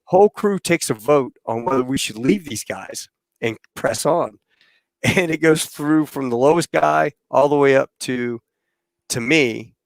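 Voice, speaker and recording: A man in his fifties tells an old flying story with loose, rambling energy, laughing along and swearing freely. His voice sits at an ordinary middle pitch, recorded dry and close with no room sound. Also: a little slow, gravelly, no echo. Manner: laughs often, swears, rambling anecdotal delivery. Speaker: podcast host and former military pilot. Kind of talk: casual storytelling.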